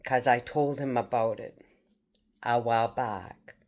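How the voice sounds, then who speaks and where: A woman from France, speaking in a halting, rambling personal video monologue and confronting unseen hackers. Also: extremely low pitch, darkish tone. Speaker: vlogger.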